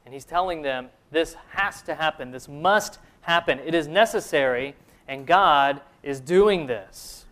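A man preaching a sermon in an earnest way, asking the listeners questions and slowing down to stress key phrases. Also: a little high, a bit bright. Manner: earnest preaching, rhetorical questions, slows for emphasis. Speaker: pastor.

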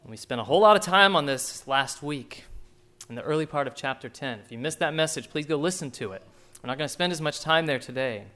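A man's voice: fairly high pitch, animated, fast talker, pushed and bright. Emphatic man preaching a sermon. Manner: emphatic, repeats key points. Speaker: pastor.

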